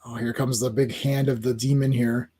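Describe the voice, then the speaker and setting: A man hosting a casual comic book review chat, excitable and rambling as he talks through the pages. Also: mid-range voice, normal speed, husky. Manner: excitable, rambling with fillers and restarts.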